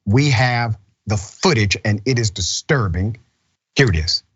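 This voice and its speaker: A man's voice: fairly low pitch, expressive, unhurried, a bit bright, breathy edge, lo-fi sound. A man hosting a news commentary show, blunt and indignant as he reacts to a clip. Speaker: host.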